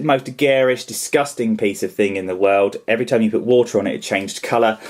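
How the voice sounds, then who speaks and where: A man chatting casually to camera in a vlog, his voice sitting at an ordinary middle pitch. He rambles and jokes at his own expense. His enthusiasm for making things comes through as he talks about his hobby. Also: a little fast, a little mellow. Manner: rambling, self-deprecating, enthusiastic. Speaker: toy customiser and vlogger.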